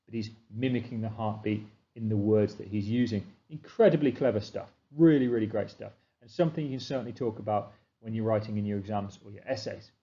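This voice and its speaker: A man teaching a literature revision lesson, explaining with emphasis and reading quotes slowly, on a slightly dull recording. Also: medium pitch, dark tone.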